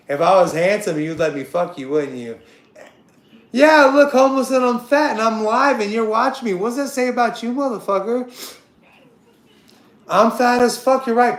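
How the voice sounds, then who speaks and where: A man in his thirties hosting a livestream, ranting crudely and confrontationally at a chatter, loud and excitable and repeating himself. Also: sits high. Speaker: livestream host. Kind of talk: unscripted livestream rant. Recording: roomy echo.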